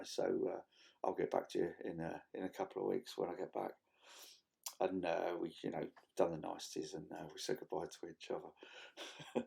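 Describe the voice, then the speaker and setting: A man, rambling casually to camera in a vlog, swearing freely and filling pauses with ums and restarts. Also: sits low, creaky, darkish tone. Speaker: vlogger.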